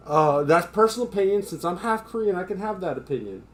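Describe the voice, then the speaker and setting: Profane ranting male live streamer. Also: high voice. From United States. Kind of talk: casual live-stream chat.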